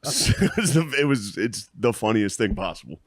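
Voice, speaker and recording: A man's voice: lowish voice, sing-song, normal speed, no echo, clean studio sound. A young man in casual chat, crude and joking, laughing often.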